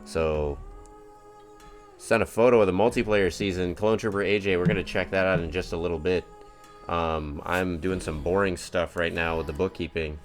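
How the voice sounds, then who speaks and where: A man's voice: sits low, steady tone, normal speed, faint music behind. A man streaming a racing game live, chatting casually to viewers in a rambling, upbeat, self-mocking way. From United States.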